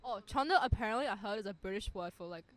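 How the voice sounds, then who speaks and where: A woman's voice: medium pitch, lively intonation, quick pace. A young woman, co-hosting a casual student podcast and rambling through stories with lots of fillers. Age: young adult. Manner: rambling, filler-heavy storytelling. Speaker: podcast co-host. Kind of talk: casual chat.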